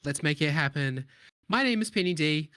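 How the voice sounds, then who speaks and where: A man's voice: a little high, expressive, normal speed, sharp tone, clear, resonant tone, dry recording, studio quality. A man with a Scottish accent, an upbeat, jokey player introducing a charity stream and his character. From Scotland. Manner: upbeat and jokey, with many fillers. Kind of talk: casual chat.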